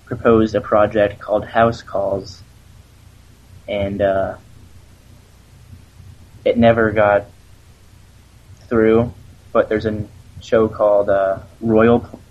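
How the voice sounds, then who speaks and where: A man with a low, husky voice co-hosts a casual fan podcast, joking and rambling between news items. His audio comes through muffled and lo-fi. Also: flat delivery, takes it slowly, pauses often. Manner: jokey, rambling, trails off. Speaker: podcast co-host.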